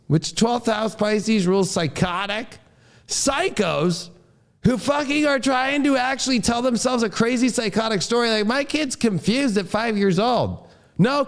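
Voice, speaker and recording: A man who is a father, an astrologer giving a forecast as a heated, profane rant. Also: sits high. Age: adult, a father.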